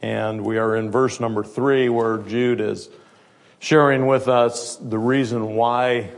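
A male pastor delivers a sermon in a conversational preaching manner. He speaks at a middle pitch, works through the text with everyday asides, and puts rhetorical questions to the congregation.

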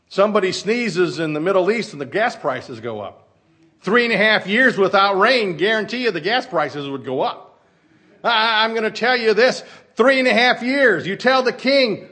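A man's voice: high-pitched, fairly bright tone. A man preaching a sermon, reading scripture and putting folksy rhetorical questions to his listeners. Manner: reads scripture in a slow, emphatic cadence. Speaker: pastor.

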